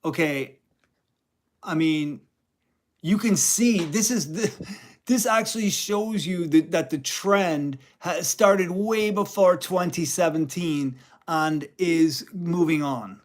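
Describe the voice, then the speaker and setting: A man's voice: fairly high pitch, takes it slowly. A man who teaches music part-time, talking in a rambling vlog commentary with many restarts and mild euphemistic cursing.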